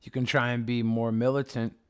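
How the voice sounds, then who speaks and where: A man's voice: mid-range voice, level tone, brisk, clean tone. A man hosting a livestream, chatting casually with his viewers in a rambling, profane, sarcastic way. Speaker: livestream host. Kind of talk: casual livestream chat reading viewer comments.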